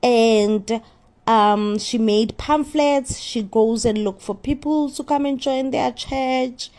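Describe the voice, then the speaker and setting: A woman giving an animated, opinionated recap of a reality show, often repeating herself in exasperation. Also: a little high, slow pace. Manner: animated, repetitive, exasperated commentary.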